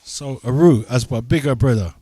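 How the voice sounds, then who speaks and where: A man hosting a radio talk show, speaking bluntly and forcefully with street slang. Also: mid-range voice, moderate pace, dry recording.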